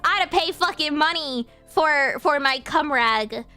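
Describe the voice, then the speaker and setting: Young woman streamer, high bright voice, rambly and crude, little music in the back. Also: lively intonation, measured pace. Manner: rambling, crude, playful storytelling. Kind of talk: casual stream chat.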